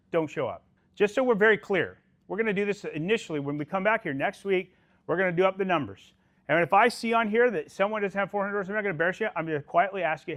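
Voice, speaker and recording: A man leading a sales team meeting, giving an energetic, profane pep talk and calling people "dude". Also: high voice. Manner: animated, swears, calls people dude.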